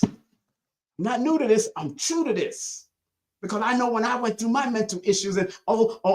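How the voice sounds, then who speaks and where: A man hosting a live-streamed spiritual lesson, preachy and emphatic, repeating lines for weight. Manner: swings between loud high bursts and low quiet asides.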